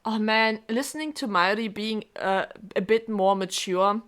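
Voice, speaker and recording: A woman streamer reading a game aloud and reacting with emotional, expressive comments. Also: mid-range voice, measured pace, few pauses.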